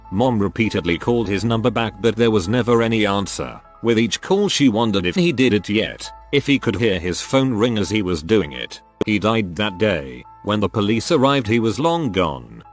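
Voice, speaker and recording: A man slowly reading first-person stories aloud in a somber tone. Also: fairly low pitch. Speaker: narrator reading online posts. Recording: faint music behind.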